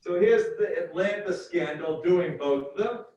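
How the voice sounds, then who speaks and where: A man lecturing a university class, explaining step by step and repeating key points slowly. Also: sits high, darkish tone. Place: lecture hall. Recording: echoey hall from far off, dull.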